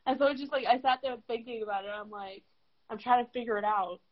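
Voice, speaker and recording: Young woman, podcast co-host, casual chat, rambling, swears freely, slightly high voice, dull lo-fi. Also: fast talker. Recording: dull lo-fi sound.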